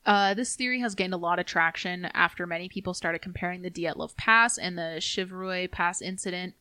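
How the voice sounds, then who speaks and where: A woman co-hosting a podcast, reading research notes in a steady, casual way and stumbling over foreign names. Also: lowish voice, fairly quick, smooth, dry recording. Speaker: podcast co-host.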